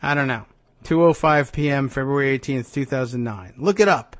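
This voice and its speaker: A man's voice: medium pitch, normal speed, no echo. A man hosting a radio talk show, reading news aloud with wry, sarcastic asides into a studio microphone.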